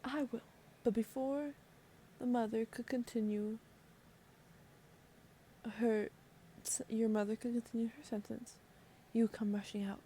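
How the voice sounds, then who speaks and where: A woman's voice: on the high side, fairly even intonation, measured pace, mellow, a little hiss or hum. A woman voice actress narrating a listener story in a whispered role-play, with casual asides. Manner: casual, self-deprecating asides.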